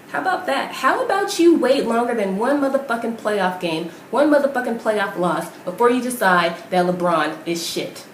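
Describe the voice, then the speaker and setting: Woman ranting, roomy and echoey. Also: medium pitch. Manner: heated, profane, rapid-fire rhetorical questions. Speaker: vlogger ranting about basketball. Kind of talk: profane angry rant to camera. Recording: roomy echo with faint noise.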